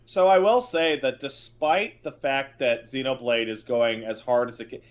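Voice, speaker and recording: A man's voice: medium pitch, moderate pace. A man co-hosting a podcast in casual chat, riffing with profane exasperation. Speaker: podcast co-host.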